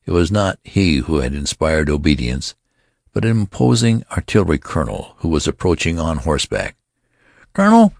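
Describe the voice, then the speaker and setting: Deep, gravelly male narrator, lively delivery, dry close sound. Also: moderate pace, dry recording. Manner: expressive storytelling. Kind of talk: scripted audiobook narration.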